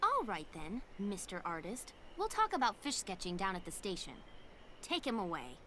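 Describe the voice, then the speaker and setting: An actress playing a brisk, bossy young woman officer of a town watch in a video game, teasing and stern. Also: mid-range voice, sing-song, background noise, lightly acted. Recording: game audio with music behind.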